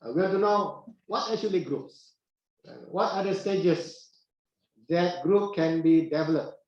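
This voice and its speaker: A high-pitched middle-aged man lectures in a classroom. He talks slowly, repeats himself and pauses on "uh", often asking the class questions. The room is very echoey and the sound is dull. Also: a little mellow. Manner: unhurried, repetitive phrasing with frequent "uh" pauses and questions to the class.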